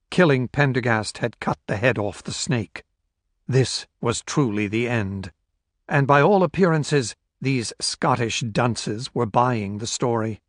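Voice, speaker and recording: A man narrating a novel aloud in a measured, even storytelling manner. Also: mid-range voice, no echo, studio quality. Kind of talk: audiobook narration.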